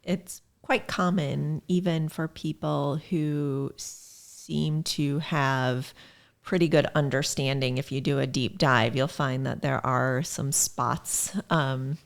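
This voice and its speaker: A speech pathologist guest on a podcast talks in a measured, explanatory way. Her voice sits very low and has a gravelly fry running through it. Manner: measured, explanatory, lively when telling stories.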